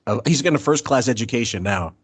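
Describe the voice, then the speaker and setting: A man's voice: mid-range voice, animated, fast, slightly rough. A man co-hosting a casual podcast, telling a rambling anecdote with frequent restarts. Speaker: podcast co-host.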